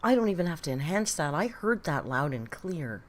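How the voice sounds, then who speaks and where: A woman's voice: low-pitched, very animated, moderate pace. A woman hosting a casual live-stream reaction, chatty and exclamatory with some swearing. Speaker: livestream reaction host.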